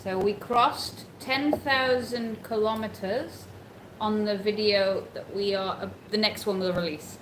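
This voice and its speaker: A woman talking casually with viewers on a travel live stream, calmly explaining plans. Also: mid-range voice, a little slow, echoey room, noisy background.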